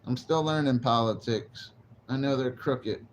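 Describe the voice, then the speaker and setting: A man's voice: mid-range voice, a little slow. A man livestreaming while stoned, rambling and swearing casually as he answers his chat. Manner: rambling, profane, laid-back. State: stoned, zoned out. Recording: dull lo-fi stream audio with faint noise.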